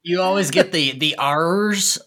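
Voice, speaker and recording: A man's voice: high voice, unhurried, crowd noise. A man co-hosting a podcast in casual chat, teasing and wry.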